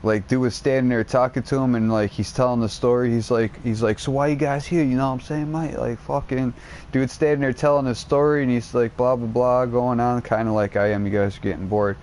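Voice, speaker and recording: A man streaming a game, rambling in casual chat and retelling a show in an excitable, foul-mouthed, slang-heavy way. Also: mid-range voice, brisk, slight background noise. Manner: profanity-laden, excitable storytelling, heavy slang.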